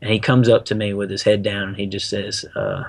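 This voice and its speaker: A middle-aged man with a somewhat low voice tells a story in easygoing slang, acting out the lines of the people in it. His voice sounds dry and close to the mic, with no room sound. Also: fairly quick, no room sound. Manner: animated, slangy, acts out quotes. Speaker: guest. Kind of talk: casual storytelling.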